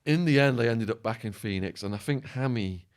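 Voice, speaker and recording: A man guest on a podcast, telling a wild story with lively acted-out quotes, swearing and laughing along the way. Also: medium pitch, fairly quick. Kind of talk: animated storytelling.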